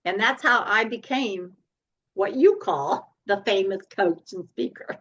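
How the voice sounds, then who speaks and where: Woman coach as podcast guest, animated storyteller; dull remote-call sound. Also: medium pitch, a little slow. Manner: animated, laughs often while telling stories.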